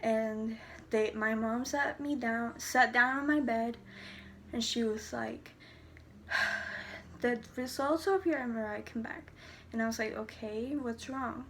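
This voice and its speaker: A woman's voice: fairly high pitch, slow, pauses often, a bit bright, slight background noise. A teenage girl telling a personal story to camera in a casual, rambling way, full of fillers and restarts. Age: teens. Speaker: vlogger.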